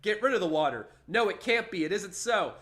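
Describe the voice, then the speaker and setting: A man's voice: a little high, a little fast, sharp tone. A man reading as a panicked astral traveler. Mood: urgent. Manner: fragmented, clipped inner monologue. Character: male astral traveler, panicked then defiant.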